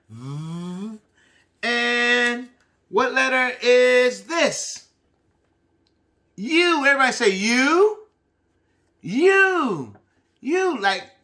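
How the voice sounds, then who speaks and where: Slow, bright-voiced man teaching preschoolers. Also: very high voice. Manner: animated, sing-song prompting. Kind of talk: early-childhood lesson, call and response.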